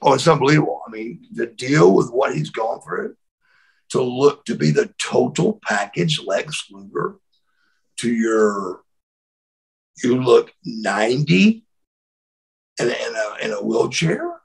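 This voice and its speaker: A middle-aged man with a gravelly, husky voice tells stories in an interview. His pitch swings widely as he acts out quotes and stumbles over repeated words, in a loose, animated way. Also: measured pace, pauses often, poor audio. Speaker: interview guest, former wrestler. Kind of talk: storytelling in a shoot interview.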